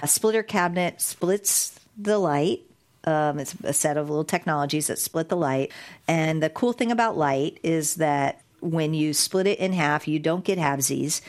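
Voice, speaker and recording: A woman guest in an interview, telling a story in a lively, animated way with frequent restarts. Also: low-pitched, moderate pace. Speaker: guest, digital rights advocate. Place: recorded in San Francisco.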